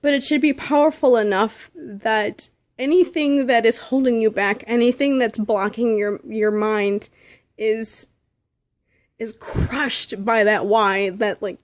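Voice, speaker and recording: A woman in her thirties giving an earnest, halting motivational talk to her sales team, getting emotional at times. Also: a little high, steady tone, a little mellow, dry recording. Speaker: direct sales seller.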